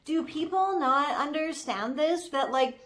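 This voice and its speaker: A woman's voice: high voice, unhurried, fairly bright tone. Woman putting on a sassy Gen Z girl. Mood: indignant. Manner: filler-heavy, exasperated ranting. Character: sassy young Gen Z woman social media manager. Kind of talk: comic character rant.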